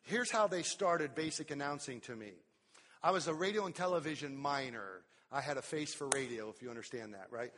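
A middle-aged man preaching a sermon as pastor, swinging from soft drawn-out words to loud emphatic bursts. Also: mid-range voice, slight background noise. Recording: long hall reverb.

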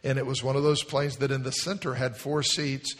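A male pastor preaching a sermon, telling stories with animated emphasis. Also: mid-range voice, a little fast. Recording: long hall reverb.

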